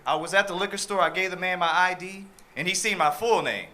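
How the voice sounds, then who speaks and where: A man's voice: high voice, a little fast, sharp tone. A man in his thirties performing a stand-up comedy set on a club stage, punchy, switching into voices for the people he quotes. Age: 30s.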